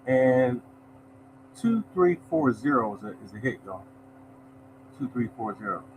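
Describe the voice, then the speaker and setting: Animated but unhurried, a man of medium pitch reads lottery results and calls out viewers by name as he hosts a casual live-stream show. There's a noisy background behind him.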